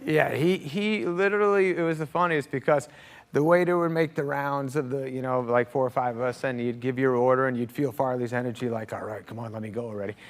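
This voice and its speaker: A man telling a chuckling story about a friend ordering food, dropping into a low mumble when imitating him. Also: fairly even intonation, fairly quick. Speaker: talk show guest. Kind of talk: casual storytelling. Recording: reverberant room with faint noise.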